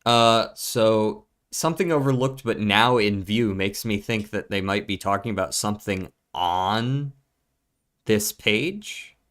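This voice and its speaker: A male streamer talks himself through a puzzle game, muttering and cursing as he reasons out each clue. His voice sits low, and he speaks at an unhurried, drawn-out pace. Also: a bit bright. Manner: muttering, profane, puzzling things out slowly. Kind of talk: thinking aloud while playing a puzzle game.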